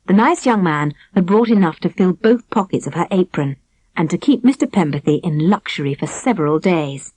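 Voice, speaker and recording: Brief: woman narrator, scripted storybook reading, lively melodic delivery, dry close studio sound. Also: on the low side, a little fast, dry recording, rough recording. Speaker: audiobook narrator.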